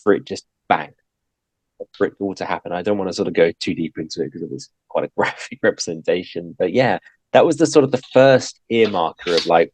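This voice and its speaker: A man's voice: low voice, fairly quick, darkish tone, no room sound, poor audio. A man, a podcast guest telling his story in casual talk, hesitant with many fillers and restarts. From England.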